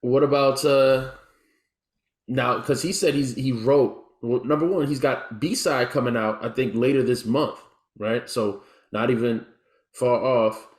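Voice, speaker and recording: A man's voice: mid-range voice, fairly even intonation, measured pace, a little mellow. A man co-hosting a music podcast, speaking hesitantly with many stammered restarts. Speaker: podcast co-host. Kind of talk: casual chat. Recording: echoey room.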